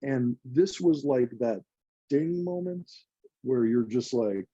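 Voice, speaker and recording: A man's voice: medium pitch, lively intonation, slow, warm tone, no room sound, lo-fi sound. A man in his forties, a nonprofit co-founder, telling his story in an earnest, emotional, chatty way. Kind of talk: reflective conversational storytelling.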